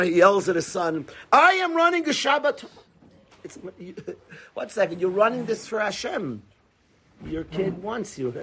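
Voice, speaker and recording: Man, rabbi, Torah class, high-pitched, emphatic rhetorical questions. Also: slight background noise. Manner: emphatic, repeats key phrases, asks rhetorical questions. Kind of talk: animated Torah lecture.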